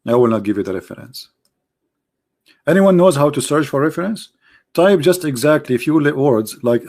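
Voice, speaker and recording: A man with an Arabic accent hosts a live debate stream in a casual, mocking tone. His voice sits at an ordinary middle pitch. He keeps throwing out sarcastic rhetorical questions in loose English. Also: dark tone. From Arab world. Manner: loose, broken grammar with many "like" and "brother".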